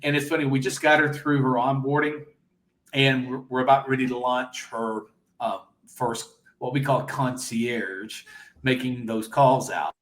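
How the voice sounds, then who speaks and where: A man's voice: mid-range voice, fairly even intonation, a little slow, a bit bright, echoey room. A man as an interview guest, talking enthusiastically and telling stories about his business. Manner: enthusiastic, storytelling. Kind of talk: casual interview.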